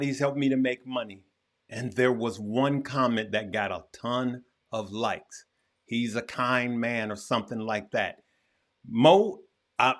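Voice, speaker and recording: A man hosting a livestream in casual chat, talking emphatically and repeating himself, with heartfelt, preacher-like encouragement. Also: mid-range voice. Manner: emphatic and repetitive, with frequent restarts. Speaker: host.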